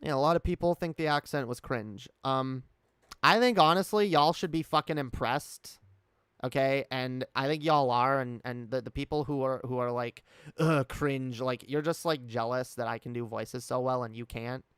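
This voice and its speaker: A man talking in a candid, rambling way, full of fillers and restarts. His voice is smooth and resonant, at a middling pitch, recorded dry and close. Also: moderate pace, a bit bright, no echo. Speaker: streamer. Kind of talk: casual personal chat.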